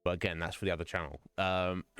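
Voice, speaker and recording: A man's voice: deep voice, sing-song, normal speed, fairly bright tone, clear, resonant tone, dry recording, clean studio sound, faint music behind. A man hosting a live stream, chatting casually and jokingly with viewers by name. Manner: rambling, joking, talks to chat by name. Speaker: streamer host.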